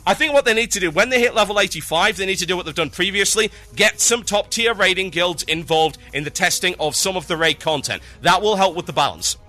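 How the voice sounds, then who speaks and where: A man's voice: sits high, fairly quick, hardly any pauses, pushed and bright, soft background music. A young man hosting a solo gaming podcast, talking casually in a blunt, opinionated, ranting way. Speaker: podcast host.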